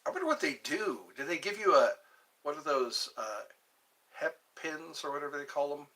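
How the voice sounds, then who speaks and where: A man's voice: a little high, big pitch swings, normal speed, bright, forceful tone, low-quality recording. A man from Georgia hosting his own live stream, chatting in a rambling way, jumping between topics and trying out foreign phrases. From Georgia, USA. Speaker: livestream host.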